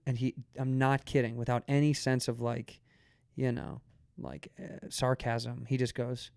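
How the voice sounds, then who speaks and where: A man's voice: mid-range voice, normal speed, vocal fry, no room sound, clean studio sound. Man telling a bar story with fillers. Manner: animated storyteller, acts out quotes, many fillers and restarts. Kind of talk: casual podcast chat.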